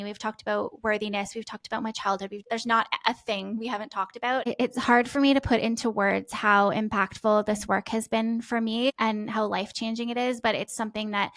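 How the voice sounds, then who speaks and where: A woman's voice: mid-range voice, fairly bright tone. A woman in her thirties sharing an emotional personal story in heartfelt conversation, earnest and grateful, often restarting her sentences. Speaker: podcast host.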